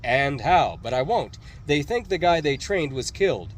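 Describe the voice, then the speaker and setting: A swaggering, cold-edged ex-sailor, as a male reader plays him boasts through his past in an audiobook. His tone is sardonic and dismissive, and his voice swings widely in pitch, sitting a little high for a man. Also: big pitch swings, normal speed, slight background noise. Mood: cocky. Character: cocky, cold ex-Navy man with a secret past.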